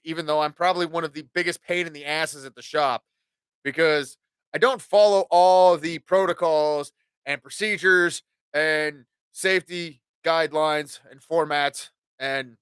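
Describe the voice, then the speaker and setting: A man in his forties telling crude, meandering work and family stories on his podcast. He has a rather high voice with a bright, forceful edge. The sound is dry and close. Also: clean tone, no room sound. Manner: profane, rambling, acts out quotes. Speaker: podcast host. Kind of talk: casual storytelling monologue.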